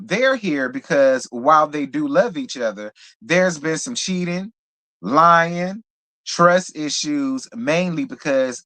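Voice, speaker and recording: This fairly high-pitched man hosts a live reality TV review as casual commentary. Expect sass, bluntness, and animated, profane side remarks.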